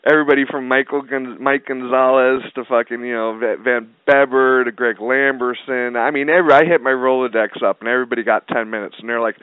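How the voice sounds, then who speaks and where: A man's voice: mid-range voice, brisk, clear, resonant tone, no room sound. A man telling a story as a guest in a casual interview, blunt and profane, rambling with lots of fillers. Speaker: guest film producer. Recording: tinny dry phone line.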